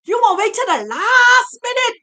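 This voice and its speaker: A woman preaching a sermon, fervent and impassioned, shouting her exhortations and at times near tears. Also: extremely high pitch, sing-song, normal speed.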